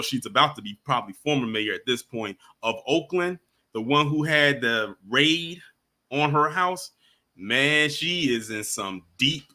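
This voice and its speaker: A man hosting a livestream, chatting casually with viewers and wrapping up the show. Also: mid-range voice. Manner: relaxed, chatty, gives shout-outs. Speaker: livestream host.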